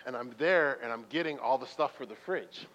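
A man preaching a sermon in a church, telling stories in a conversational, self-deprecating way with sudden loud bursts. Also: medium pitch, normal speed. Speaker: pastor. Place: church sanctuary. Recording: muffled reverberant hall recording.

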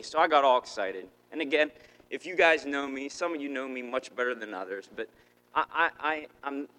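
A man preaching in a church, telling a personal story with animated, repetitive re-enactments of his own thoughts. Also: medium pitch, long reverb tail, poor audio. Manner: animated, acts out his own inner thoughts, repeats words. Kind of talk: sermon storytelling.

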